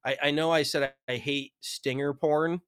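A man's voice: fairly high pitch, steady tone, normal speed, fairly bright tone, smooth, dry recording, studio quality. A man co-hosting a golf podcast, talking frankly and casually, with some swearing and self-mockery. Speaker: podcast co-host.

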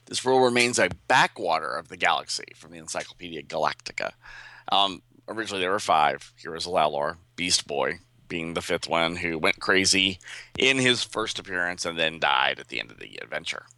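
A man's voice: low-pitched, normal speed, no echo. A man co-hosting a casual podcast, playfully retelling a comic book story. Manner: playful, animated, laughs easily. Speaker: podcast co-host.

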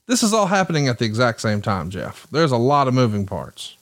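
A man's voice: mid-range voice, sing-song, fairly quick, no echo. Man explaining in a dry close voice. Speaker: podcast co-host. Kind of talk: podcast storytelling, reading notes.

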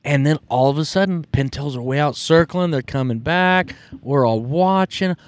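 A man telling a hunting story in a casual podcast chat, acting out the shouts of the people in it. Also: a little high, normal speed. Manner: lively, acts out quoted shouts. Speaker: podcast guest.

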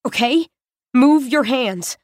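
Take-charge teen girl, voiced by a woman narrator, urgent, sharp and commanding. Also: sits high, lively intonation, slow pace, no echo, clean studio sound. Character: fierce, bossy teenage girl taking charge.

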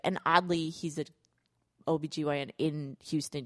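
A woman's voice: low-pitched, fairly even intonation, normal speed, a bit bright, no room sound, clean studio sound. A woman co-hosting a podcast in casual chat, rambling and giggly, full of fillers. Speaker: podcast co-host.

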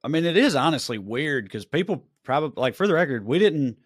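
A man's voice: fairly high pitch, big pitch swings, slightly rough, no echo, clean studio sound. Laid-back joking podcast guy. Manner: laid-back, joking banter with quick agreement. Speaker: podcast co-host. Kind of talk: casual podcast chat.

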